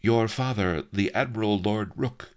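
A man's voice: on the low side, unhurried, clean tone, voice pushed up, close to an everyday voice. A man voicing a huge, armored, paranoid viceroy villain who blares orders and turns oily and lisping, with a flavor. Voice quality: blaring, then lisping and oily.

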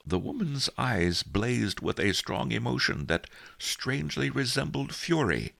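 A man's voice: medium pitch, very animated, a little slow, creaky, a bit bright, no room sound, voice pushed up, heavily acted. A man reading an audiobook, voicing a wily old male storyteller who tells his tale wryly. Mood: wry storytelling. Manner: wry, sly storytelling. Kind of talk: audiobook character voice.

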